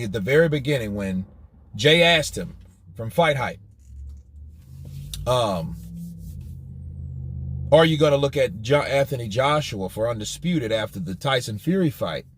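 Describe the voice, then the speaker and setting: A man hosting a boxing news channel, talking in an animated, profane way and firing off rhetorical questions. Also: mid-range voice, husky. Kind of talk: commentary vlog.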